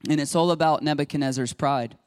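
A man's voice: on the high side, fast talker, smooth, dry recording. A man, preaching a conversational sermon as a pastor and telling stories with chatty asides to the congregation.

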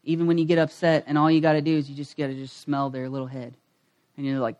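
Man, pastor, conversational sermon, high voice, acts out voices. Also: flat delivery, fast talker, a little mellow, some chatter behind. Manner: conversational preaching with asides, acting out quoted voices.

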